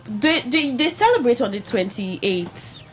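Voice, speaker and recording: A woman's voice: on the high side, big pitch swings, unhurried, soft background music, low-quality recording. A woman hosting an entertainment segment in a radio studio, chatting and reading items aloud with asides. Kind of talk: casual studio chat.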